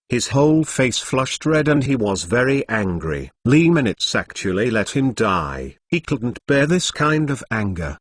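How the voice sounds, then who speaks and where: A man's voice: medium pitch, very animated, measured pace, few pauses, dry recording, clean studio sound. A man reading a translated novel aloud as scripted narration, reading spelled-out interjections letter by letter. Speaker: audiobook narrator.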